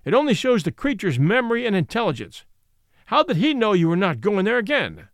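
A man's voice: sits high, huge pitch swings, a little fast, no room sound, clean studio sound, full character voice. A man voicing a stern, principled country squire scolding others.

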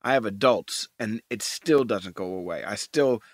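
A man in his forties, a podcast co-host in casual chat, animated and profane, repeating words when he gets excited. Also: lowish voice, moderate pace, no room sound, clean studio sound.

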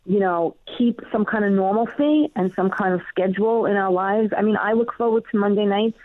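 A woman's voice: mid-range voice, brisk, dry recording. A woman with a Queens accent, a comedian and show host, chatting animatedly in an interview from home. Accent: Queens, New York. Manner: chatty and animated, with frequent fillers. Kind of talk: casual interview chat. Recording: tinny phone-like line, dry.

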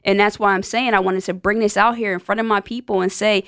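A woman's voice: medium pitch, steady tone, fast talker, fairly bright tone, clear, resonant tone, dry recording. A woman hosting a podcast in a studio, chatting openly and jokingly about her own feelings. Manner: candid, joking, talks through her feelings. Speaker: podcast host. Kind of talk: casual podcast chat.

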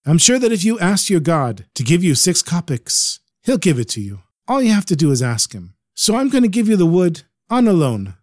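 A man's voice: a little high, big pitch swings, normal speed, few pauses, dry recording, studio quality, voice pushed up. A man voicing a kind, disguised holy man who coaxes and reassures a poor old woman. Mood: coaxing. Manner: coaxing, reassuring.

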